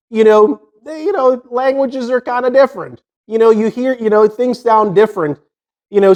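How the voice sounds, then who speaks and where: A man in his sixties from Jamaica, with a Jamaican accent, hosting a podcast and telling stories from his youth in a rambling, conversational way full of restarts and asides. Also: high voice. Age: 60s. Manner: rambling, with frequent restarts and "you know" asides. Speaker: podcast host. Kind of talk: casual storytelling monologue.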